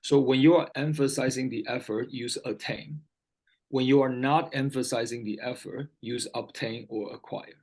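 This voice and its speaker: Teaching vocabulary one-on-one, a man patiently goes over key English words again and again and regularly confirms his student is keeping up. His voice is medium-pitched, steady, and darkish at normal speed, captured in a rough recording.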